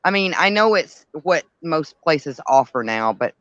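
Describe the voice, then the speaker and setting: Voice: medium pitch, big pitch swings, unhurried, fairly bright tone, no echo. Podcast cohost, swoopy voice, kinda muffled dull mic. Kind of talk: casual chat.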